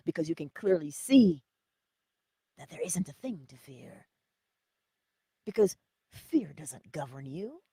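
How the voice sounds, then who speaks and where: A woman's voice: medium pitch, dark tone, slightly rough, no room sound. A woman giving an inspirational morning teaching in a preacherly, conversational way, full of rhetorical questions. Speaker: spiritual teacher.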